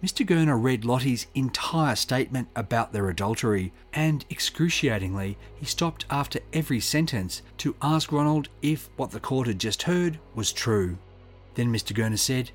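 A man giving measured, scripted true-crime narration and reading out quotes. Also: medium pitch, animated, faint music behind. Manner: measured, reads quotes aloud.

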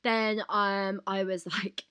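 A woman in her thirties co-hosting a podcast, hoarse from the flu and talking candidly in casual chat. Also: medium pitch, slow pace. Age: 30s. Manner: candid, expressive, retells with acted quotes. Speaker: podcast co-host.

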